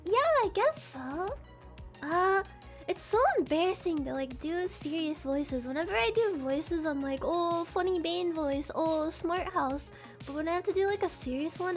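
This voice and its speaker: Giggly, very high-voiced woman streamer. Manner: giggly and rambling, heavy on "like". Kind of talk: casual live-stream chat.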